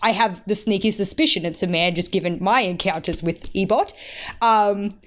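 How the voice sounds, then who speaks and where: A woman from North Queensland with a softened Australian accent, a guest chatting frankly and animatedly on a podcast. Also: medium pitch, normal speed. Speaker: esports analyst guest. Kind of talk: casual podcast chat.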